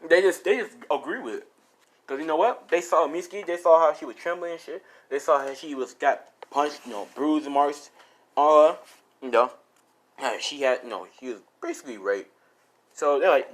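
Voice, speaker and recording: A man improvising a fan story out loud, rambling and profane, often correcting himself and laughing at his own lines. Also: medium pitch, normal speed.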